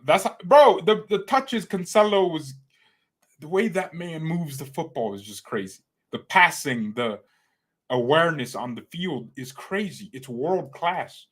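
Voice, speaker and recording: A man's voice: fairly high pitch, measured pace, slightly rough. A man hosting a fan channel in casual, rambling live-stream chat, joking around and slipping into playful put-on accents. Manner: chatty and excitable, addresses viewers as guys and bro.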